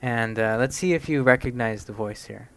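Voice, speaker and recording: A man's voice: medium pitch, normal speed. Male host, easygoing banter, joking delivery, loose filler-heavy speech. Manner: relaxed, joking, frequent fillers. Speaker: podcast host. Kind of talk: casual chat.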